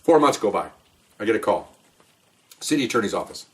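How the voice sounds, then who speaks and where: Male police officer telling stories, brisk and rambling, a bit far from the mic. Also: lowish voice, big pitch swings. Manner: rambling, conversational, acts out quoted dialogue. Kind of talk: casual spoken storytelling. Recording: voice distant from the mic.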